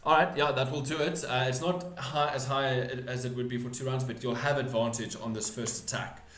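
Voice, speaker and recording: A man's voice: medium pitch, steady tone, a bit bright. A man narrates a tabletop battle as game master. He stumbles, restarts and corrects himself as he goes. His voice carries the echo of a bare room. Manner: halting, full of restarts and self-corrections.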